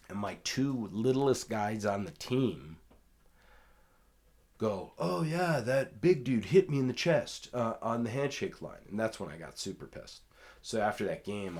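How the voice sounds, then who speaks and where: A man hosting a podcast, telling rambling, profane stories in casual talk and loudly acting out what others said. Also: deep voice. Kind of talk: casual storytelling.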